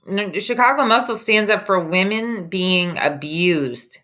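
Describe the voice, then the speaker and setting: A woman's voice: medium pitch, a little slow, hardly any pauses, sharp tone. A woman hosting reaction commentary over a clip, mocking and combative in tone. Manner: mocking, sarcastic, combative ranting. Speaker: commentary host.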